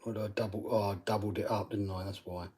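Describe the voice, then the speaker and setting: A man's voice: on the low side, level tone, quick pace, mellow, a little hiss or hum. A man hosting a live stream, casually chatting and reading out viewer comments while he works on his gear. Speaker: channel host.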